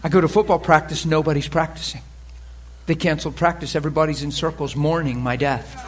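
A pastor telling a story from the pulpit in an animated way, dropping quiet and then laughing and shouting. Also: male voice, a little high, quick pace, very noisy. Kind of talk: storytelling sermon. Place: church sanctuary pulpit.

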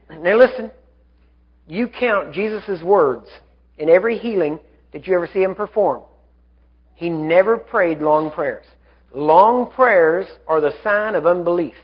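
High-voiced man preaching fervently. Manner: fervent, commanding, rising to shouts. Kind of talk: sermon. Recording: dull lo-fi live recording.

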